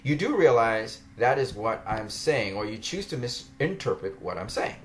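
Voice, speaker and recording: A man delivers a ranting vlog commentary straight to his viewers. He argues and mocks, laughing often, with a voice that swings widely in pitch. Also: big pitch swings, normal speed, slight background noise. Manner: argumentative, mocking, laughs often. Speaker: vlogger.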